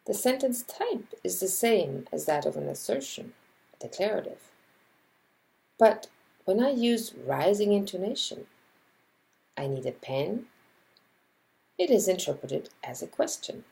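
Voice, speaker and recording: A woman lecturer giving scripted narration about linguistics, measured and explanatory, acting out example sentences as she goes. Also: medium pitch, very animated, gravelly, mellow, rough recording.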